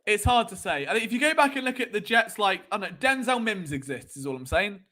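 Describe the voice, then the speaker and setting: Bright-voiced man chatting casually. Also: high-pitched, lively intonation, quick pace. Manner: rambling, chatty, playful, with frequent fillers. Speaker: sports stream host. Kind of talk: casual live-stream chat.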